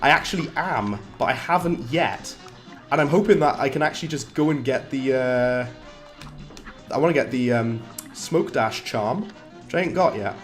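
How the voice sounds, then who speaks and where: A man with a slightly hoarse voice, chatting casually while livestreaming a game, reading chat aloud and laughing often. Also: mid-range voice, expressive, normal speed, faint music behind. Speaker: livestreaming gamer. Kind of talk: casual live-stream commentary.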